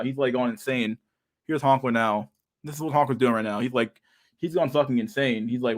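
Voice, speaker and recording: A man's voice: medium pitch, a little fast. A young man hosting a casual livestream chat, talking in a profane, slangy and sarcastic way, often laughing. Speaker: livestream host.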